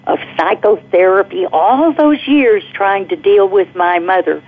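A middle-aged woman calling in to a radio talk show, telling a personal story with animated energy and laughing as she goes. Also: medium pitch, unhurried. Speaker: caller guest. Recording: tinny phone line.

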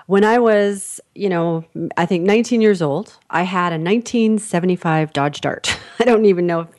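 A woman's voice: fairly low pitch, normal speed, darkish tone. A woman from Canada hosting an interview, chatting casually, laughing often and acting out voices in her anecdotes. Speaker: podcast host, interviewer.

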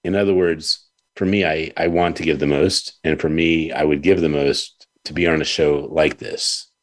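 Very deep-voiced man hosting a talk show. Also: fairly even intonation. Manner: earnest, halting, repeats words. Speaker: radio show host.

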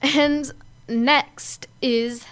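A woman's voice: high-pitched, steady tone, drawn-out words, a bit bright. A young girl co-hosting a kids' radio show, chatting casually, giggling and mimicking voices as she retells funny videos. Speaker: co-host.

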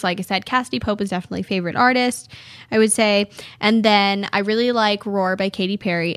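A woman's voice: mid-range voice, a bit bright, dry recording. Chatty teen girl radio host, giggles a lot, rambles, very dry mic. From California. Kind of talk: casual solo talk show.

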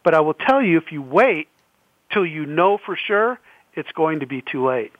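A man's voice: fairly high pitch, sing-song, normal speed, dry recording, phone-quality sound. A man speaking earnestly as a panel guest. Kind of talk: panel discussion answer.

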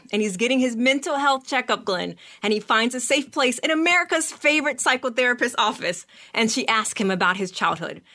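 A woman's voice: a little high, bright, forceful tone. A woman hosting a radio talk show interview, upbeat and playful.

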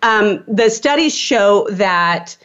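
A woman co-hosting a casual podcast, explaining ideas in an animated way, laughing often and acting out inner voices in quotes, on a table microphone. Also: mid-range voice, slow. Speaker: podcast co-host. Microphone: studio microphone on a table. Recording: dull lo-fi podcast audio.

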